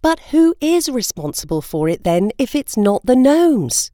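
An anxious, questioning mother, voiced by a woman reading a storybook. Her questions rise and fall in a lively way. The sound is close and dry. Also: high voice, unhurried, no echo, pitched above the performer's own voice. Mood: worried.

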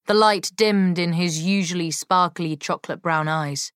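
A woman reading a novel aloud as narrator, in an expressive, unhurried way. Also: on the low side, clear, resonant tone, no room sound, clean studio sound. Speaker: audiobook narrator. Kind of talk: scripted narration.

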